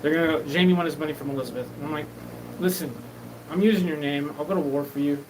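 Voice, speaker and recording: Male host, slightly high voice, rambling and profane, noisy recording. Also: quick pace. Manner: disjointed, profane, jumps between topics. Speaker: show host. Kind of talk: rambling live monologue. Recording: noisy background.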